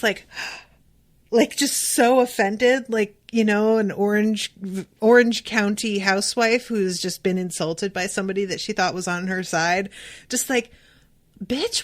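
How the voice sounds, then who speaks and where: A young adult woman hosts a podcast at an unhurried pace. She reads passages from a novel aloud, then drops into casual, swear-filled reactions. Her voice sits at a middle pitch. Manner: casual, swears freely, breaks into excited reactions. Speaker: podcast host.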